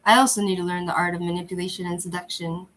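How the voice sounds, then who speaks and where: Speaking fast in a fairly low, level voice with a fairly bright tone, a woman hosts a casual livestream and chats with viewers. Her cheap, lousy microphone gives poor audio. She wanders loosely from thought to thought, restarting often.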